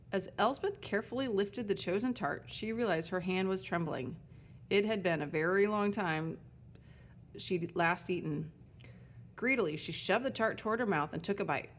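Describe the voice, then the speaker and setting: A woman narrating a children's storybook chapter in an even, clear storytelling manner. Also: medium pitch, moderate pace, slight background noise. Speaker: audiobook narrator.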